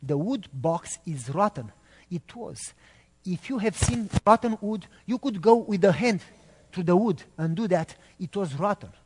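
A high-voiced man shares a testimony story in a sermon. He is animated and acts out the people in it, often turning to ask his listeners whether they follow. Long reverb from a hall follows his words. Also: measured pace, husky. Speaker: preacher giving a testimony.

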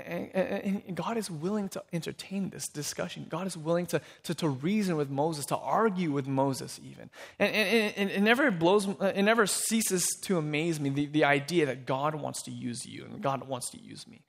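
Male pastor, sermon, animated delivery, slightly high voice, repeated restarts. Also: normal speed, vocal fry.

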